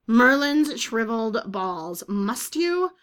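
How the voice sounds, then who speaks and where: A woman's voice: medium pitch, measured pace, lightly acted. A woman voicing a thrifty, exasperated witch who talks dry and patient.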